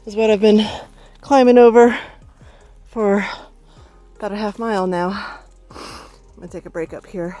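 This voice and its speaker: Her mid-range voice has a dark tone, captured in a rough recording. She's a young hiking vlogger on a mountain trail, handheld camera in hand, casually chatting, laughing frequently and occasionally winded while talking to her dog and friends.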